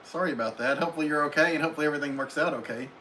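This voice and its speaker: A man's voice: fairly high pitch, racing, sharp tone, slight background noise, low-quality recording. A man hosting a casual live stream from home, reading viewers' comments aloud and answering each one in a friendly, chatty way.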